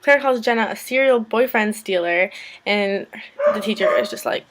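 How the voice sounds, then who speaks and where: A woman's voice: mid-range voice, moderate pace, noisy background. A woman casually recapping a TV episode, chatty, full of "like" and "um", swearing freely.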